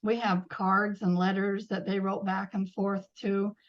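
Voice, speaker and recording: An older woman, a guest in a casual interview, reminiscing gently with a warm, unhurried manner. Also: medium pitch, little pitch movement, dull audio.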